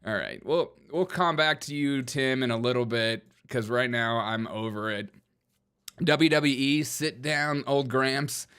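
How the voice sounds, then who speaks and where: A man's voice: mid-range voice, fairly bright tone. A man hosting a comedic political commentary show, joking and mocking with frequent laughter. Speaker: host.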